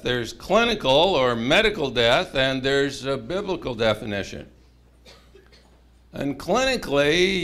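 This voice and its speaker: Man, preacher, funny mini-sermon, higher voice, animated storytelling, chapel. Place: chapel with congregation.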